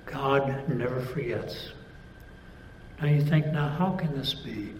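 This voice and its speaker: A man preaching a sermon, speaking deliberately with pauses and emphatic stresses. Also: mid-range voice, reverberant, a little hiss or hum, poor audio.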